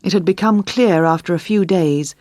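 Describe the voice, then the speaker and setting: Woman narrator, low-pitched, clear measured storybook reading, dry close sound. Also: a little mellow, no echo. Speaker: audiobook narrator. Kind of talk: scripted narration.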